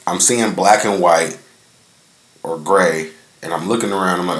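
A man's voice: low voice, unhurried, long pauses, a bit bright, reverberant. A young man hosting a podcast, telling a story in a loose, profane, rambling way from his front yard. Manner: laid-back, profane, rambling with many fillers. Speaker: podcast host. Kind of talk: casual storytelling.

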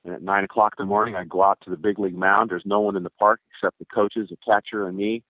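An older man with a fairly low voice recounts his pitching days in a loose, rambling way. He restarts his sentences and slips into other people's voices as he quotes them. The sound is narrow and phone-like, close and completely dry. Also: level tone, quick pace, no room sound. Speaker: former baseball pitcher. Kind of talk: casual spoken storytelling.

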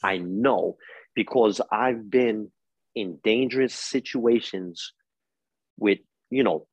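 A husky, low-voiced man in his forties with a New York accent speaks in a podcast interview. He tells his story emphatically, in a street-wise way, as a coach giving life lessons. The recording is dull and lo-fi, with a dry, close sound. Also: a little mellow, no echo. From East New York, Brooklyn. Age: 40s. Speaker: guest, coach.

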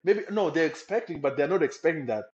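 A man's voice: on the high side, animated, quick pace. Young Congolese-accented man, casual guest, repeats words, muffled lo-fi audio. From Democratic Republic of the Congo. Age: young adult. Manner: repeats words, acts out others' reactions. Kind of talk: casual conversation. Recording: dull lo-fi sound.

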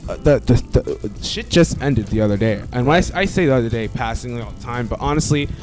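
A man's voice: mid-range voice, a little fast, over music. A man co-hosting a casual group podcast, rambling and emphatic as he makes his point. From United States. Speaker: podcast co-host.

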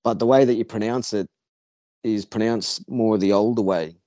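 Nasal Australian man, low voice. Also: fairly even intonation, normal speed, mellow, no echo. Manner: rambling, profane, with many restarts. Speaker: podcast guest. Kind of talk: casual podcast chat.

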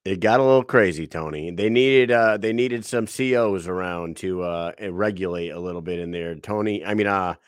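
A man's voice: deep voice, normal speed, hardly any pauses, clear, resonant tone, no echo, clean studio sound. A man hosting a casual podcast, recapping events in a laid-back way with many fillers. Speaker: host.

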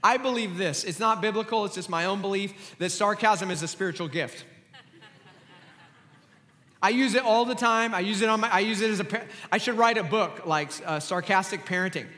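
A middle-aged man preaching a sermon as a pastor, animated and sarcastic, with quick joking asides. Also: high-pitched. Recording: long hall reverb.

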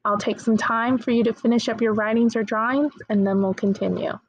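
A young woman teacher giving a recorded lesson, gently reading poems aloud and encouraging the class. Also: fairly high pitch, steady tone, fairly quick, breathy edge, rough recording.

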